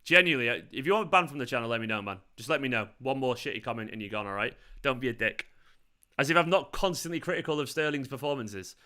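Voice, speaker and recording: A man's voice: medium pitch, expressive, fast, sharp tone. A man hosting a live football watchalong, tired and hungover, frustrated and swearing as he answers his chat. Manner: frustrated, swears often, talks back to chat. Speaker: fan channel host.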